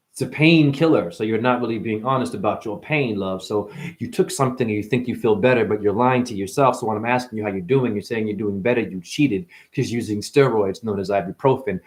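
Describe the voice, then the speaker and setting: A man delivering a rambling spiritual monologue, full of swearing, wordplay and sudden swings from muttering to shouting. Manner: profane, wordplay-driven, jumps between wild pitch swings and mutters. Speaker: spiritual speaker.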